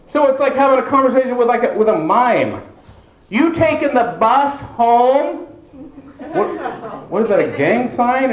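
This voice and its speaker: A man doing stand-up comedy as host of a show, joking with the audience and acting out quoted people. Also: high-pitched. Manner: joking, animated, mock-dramatic quotes. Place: comedy club stage. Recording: echoey lo-fi club recording. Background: audience laughter.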